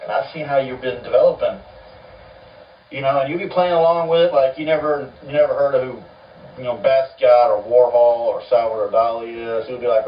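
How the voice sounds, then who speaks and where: A man's voice: mid-range voice, fairly quick. A man telling a long, meandering story in a loose, colloquial way, full of "you know" fillers. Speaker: folk artist. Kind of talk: rambling storytelling monologue. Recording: dull lo-fi audio, roomy and distant from the mic.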